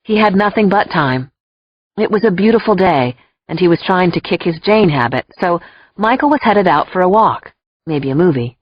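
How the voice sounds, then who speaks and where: A woman narrating an audiobook in an expressive, emotional first-person storytelling voice. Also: on the low side, normal speed, breathy edge, no room sound. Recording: dull lo-fi dry recording.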